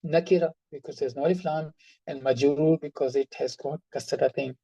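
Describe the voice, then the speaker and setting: Patient, mellow-voiced grammar teacher. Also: medium pitch, fairly even intonation, moderate pace, gravelly, dry recording, poor audio. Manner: patient, repeats examples and stresses words by tone. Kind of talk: online class explanation.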